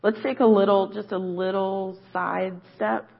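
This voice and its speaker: Husky woman preaching a casual sermon. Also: medium pitch, little pitch movement, unhurried, muffled recording. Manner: conversational, often adds "right?". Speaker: guest preacher.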